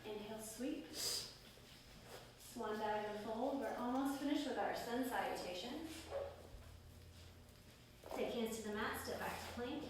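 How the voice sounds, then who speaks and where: A woman with a slightly high voice leads a yoga class, calling out each pose at an unhurried, breath-led pace. She sounds set back from the mic in a very echoey room, with a faint hiss underneath. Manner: calm breath-paced cueing. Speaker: yoga instructor. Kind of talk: guided yoga class instruction. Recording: roomy echo, distant mic, faint noise.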